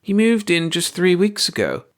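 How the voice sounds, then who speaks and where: A fretful landlady gossips about her lodger in a high, thin voice, voiced by a man reading aloud. She rambles in an everyday way. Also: sing-song, moderate pace. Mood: reminiscing. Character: wary middle-aged landlady.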